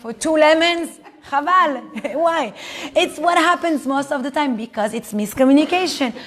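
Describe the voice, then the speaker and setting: A woman leads a class with quick, animated delivery and a fairly high voice. She slips into playful voices for the couples in her stories and laughs easily. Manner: animated, acts out quoted spouses in higher voices, laughs often. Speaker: Torah class teacher. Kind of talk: lively class talk to a live audience.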